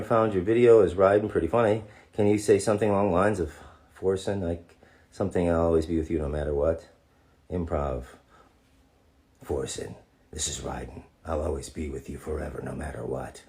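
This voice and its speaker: Playful low-voiced man reading fan chat. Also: darkish tone. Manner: playful, jokey, calls fans darling. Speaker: voice actor answering fan questions. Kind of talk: live stream Q&A, reading chat aloud.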